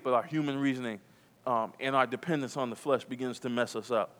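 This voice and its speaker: Preaching briskly in a steady, fairly bright mid-range voice, a pastor addresses his church congregation. He hammers key phrases through repetition and calls out questions to the room.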